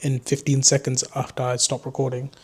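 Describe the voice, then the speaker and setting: With a slightly rough, medium-pitched voice and an utterly flat delivery, a young man from North East England vlogs about drones in brisk, unscripted chat to camera. His Geordie accent leans toward southern English, and he rambles in a loose, self-deprecating way.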